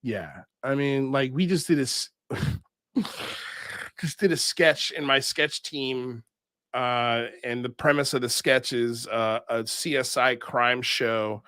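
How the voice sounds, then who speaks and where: Man, livestream host, casual rambling chat, fillers, mid-pitched, dry sound. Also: takes it slowly, dry recording. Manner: rambling, animated, frequent fillers and laughs. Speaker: show host reading live chat.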